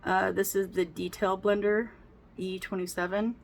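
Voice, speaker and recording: A woman's voice: mid-range voice, little pitch movement, normal speed, creaky, slight background noise. A woman chatting casually at home while doing her makeup, rambling, with frequent laughs. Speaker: beauty vlogger. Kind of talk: casual get-ready-with-me chat.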